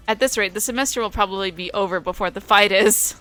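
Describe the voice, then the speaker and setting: A young woman streams a dating game, her voice stuffy and nasal from a cold. Her tone is bright and sharp as she reads the story text, and she breaks in with teasing laughs and wry remarks. Faint game music plays behind her. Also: medium pitch, fast talker, few pauses. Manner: playful, laughing, mocking asides. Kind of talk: reading game text aloud with reactions.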